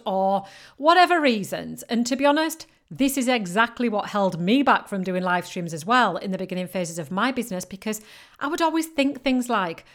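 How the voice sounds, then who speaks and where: A woman's voice: on the high side, expressive, normal speed. A woman with a northern English accent, hosting a solo podcast as a business coach and speaking in an earnest, encouraging way. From northern England. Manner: earnest, encouraging, acts out clients' excuses.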